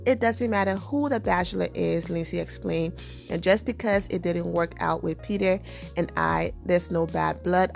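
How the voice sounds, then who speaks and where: Woman, news vlogger, gravelly voice, low pitch, chatty commentary. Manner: chatty, upbeat sign-offs. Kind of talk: reading celebrity news and casual commentary.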